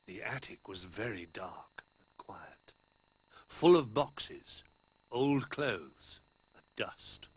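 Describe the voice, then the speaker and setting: A man reading a children's storybook aloud in an expressive way, dropping to a hush for the quiet moments. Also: fairly low pitch, very slow, slightly rough, no echo, poor audio. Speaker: narrator.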